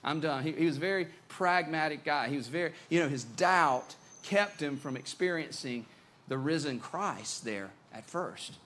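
A man preaching a sermon as pastor, conversational and animated, often repeating words as he goes. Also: a little high, normal speed.

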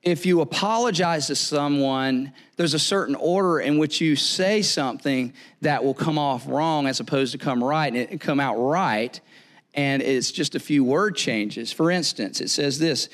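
Male pastor, higher voice, casual joking sermon delivery with repeats and asides. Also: measured pace. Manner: conversational, jokey, repeats words and asks "right?".

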